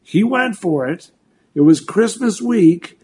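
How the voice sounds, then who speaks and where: A man's voice: high voice, slow, a little hiss or hum. A man in his sixties, a meteorologist, talking casually with many restarts and repeats. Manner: animated, full of restarts and repeats. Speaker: meteorologist guest. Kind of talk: casual talk show chat.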